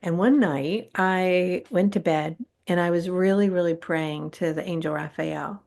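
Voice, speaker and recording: A woman's voice: lowish voice, unhurried, vocal fry, a little mellow. A middle-aged woman, a guest on a spiritual talk show, telling her personal story candidly and animatedly, acting out her own past reactions.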